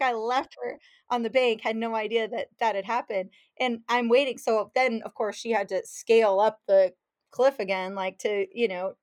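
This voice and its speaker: A woman fishing guide telling a story in a casual chat, acting out what people said and laughing as she goes. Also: on the high side. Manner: animated, acts out quotes, laughs while telling. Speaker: fishing guide, podcast guest.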